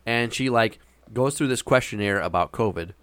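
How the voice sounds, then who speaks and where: A man's voice: fairly low pitch, normal speed, fairly bright tone, no room sound. A man casually telling a long, meandering anecdote with frequent hesitations. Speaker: storyteller. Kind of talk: casual chat.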